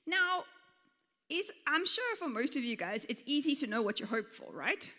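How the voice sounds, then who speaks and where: A woman's voice: sits high, sing-song, moderate pace, pushed and bright, in a large hall. A woman teacher giving a playful storytelling sermon, laughing often and talking informally. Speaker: teacher and guest speaker.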